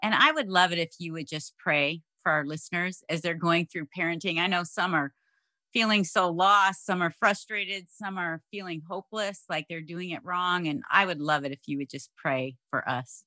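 A woman co-hosting a podcast interview, speaking in a gentle, affirming way. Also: fairly low pitch, normal speed, no room sound. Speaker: podcast co-host. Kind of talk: casual interview chat.

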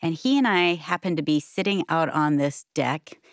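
Older woman, low voice, animated storyteller, co-host; dry close sound, faint music bed. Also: normal speed, no room sound. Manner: animated storyteller, laughs often. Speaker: podcast co-host. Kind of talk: casual conversation.

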